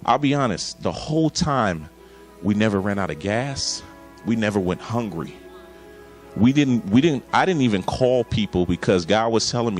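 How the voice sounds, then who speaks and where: A man's voice: lowish voice, lively intonation, moderate pace, soft background music. A man in his thirties preaching a sermon, telling an emotional personal story and acting out his dialogue with God. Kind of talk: sermon testimony.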